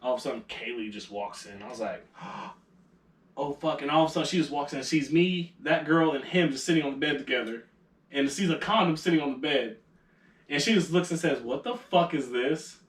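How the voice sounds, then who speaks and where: A man's voice: a little high, fast talker, fairly bright tone. A young man co-hosting a podcast, telling a story in casual chat, laughing and acting out the quotes. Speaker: podcast co-host. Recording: echoey room, a little far from the mic.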